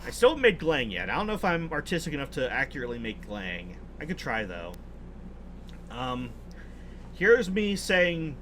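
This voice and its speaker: A young man hosting casual game commentary, relaxed and amused, chuckling often. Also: mid-range voice, moderate pace, a little hiss or hum. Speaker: host.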